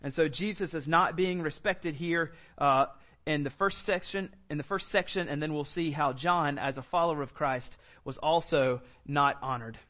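A man's voice: a little high, moderate pace, sharp tone. A man preaching a sermon as pastor, talking in a loose, conversational way with fillers and repeated words.

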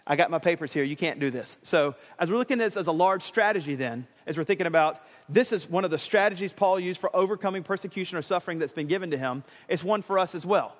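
Male pastor, casual and joking sermon delivery, slightly high voice, echoey hall. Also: quick pace, hardly any pauses. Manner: casual and joking, with modern slang.

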